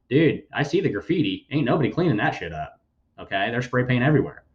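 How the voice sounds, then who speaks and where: A man's voice: medium pitch, sing-song, fast talker, echoey room, dull audio. A man hosting a podcast, giving blunt, sarcastic news commentary and swearing freely. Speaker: podcast host.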